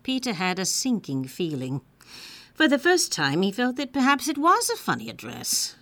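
A woman narrating a children's story in a playful, expressive reading. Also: medium pitch, normal speed, dry recording.

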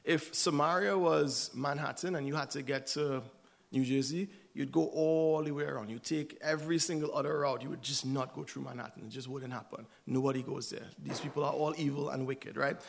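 A man's voice: medium pitch, steady tone, fairly quick, vocal fry. A man giving a sermon in a conversational way, often checking in with "right?". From United States. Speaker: church speaker.

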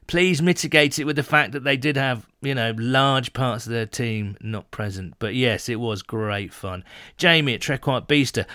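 A man from the United Kingdom hosts a casual fan podcast. He reads listener messages and answers each with a quick joke. His voice sits close and dry on the mic, with no room sound. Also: mid-range voice, pushed and bright, no room sound. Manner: chatty, jokey, reads messages then reacts. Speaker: podcast host.

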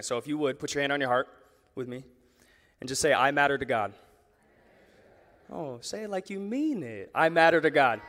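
A pastor preaching a sermon to a church audience, talking in a lively, conversational way and leaning on rhetorical questions. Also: male voice, mid-range voice. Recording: long reverb of a large hall.

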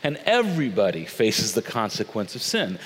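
A man preaching a sermon as a pastor, telling the story in a conversational, animated way with casual asides. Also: lowish voice, normal speed, breathy edge. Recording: long reverb of a large hall.

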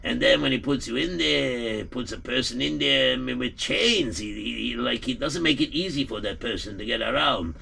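Man playing a gravelly, grim Yiddish-accented villager. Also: mid-range voice, lively intonation, sharp tone, heavily acted. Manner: halting, repeats himself. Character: male villager bearing grim news, weary and gloomy.

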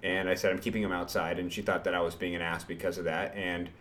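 A man hosting a solo sales podcast, talking in an energetic, punchy way, repeating phrases and swearing casually. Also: sits low, fast.

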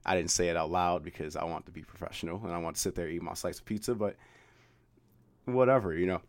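A man's voice: low-pitched, fairly even intonation, fast, no room sound. A man in his twenties hosting his own podcast, telling a rambling, profane story and laughing at himself. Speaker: podcast host. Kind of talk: casual solo podcast storytelling.

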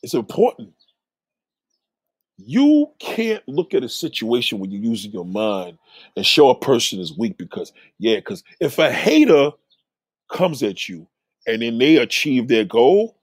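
A man telling street stories in a casual monologue, animated, acting out the voices of the people he describes. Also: mid-range voice, a little slow, breathy edge, no echo.

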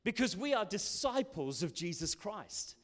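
A man preaching a sermon as pastor, impassioned and emphatic, with loud peaks. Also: sits high, big pitch swings, unhurried. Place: church hall. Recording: long hall reverb.

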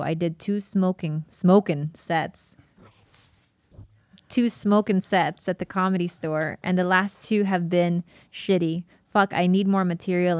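A woman podcast host reading a diary aloud and chatting, emotional and quick to laugh. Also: lowish voice, a little mellow, no echo, clean studio sound.

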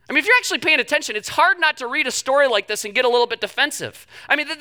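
A young man preaching a sermon, telling the story with animated delivery and acting out the quoted voices. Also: extremely high pitch. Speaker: pastor.

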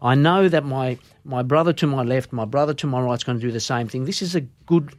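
An Australian man, a junior football coach, talks in an emphatic, motivational way. His voice sits at a medium pitch and is recorded dry and close. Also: fairly quick, a little mellow, no echo. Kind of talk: casual radio interview.

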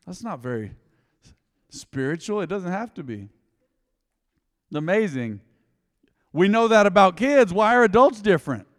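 A middle-aged man preaching a sermon in a church, passionate and emotional, swinging between loud excitement and quiet, earnest talk. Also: high-pitched, a little slow, long pauses. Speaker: pastor. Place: church sanctuary. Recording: long hall reverb.

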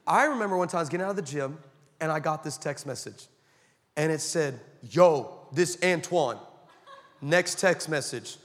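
High-voiced man preaching in a reverberant hall. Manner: animated storytelling with humorous asides. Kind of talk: sermon.

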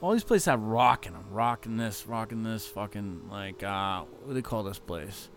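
A touring musician rambling through a casual tour recap, loose and profane with constant fillers. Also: male voice, on the low side, animated, normal speed, vocal fry, over music.

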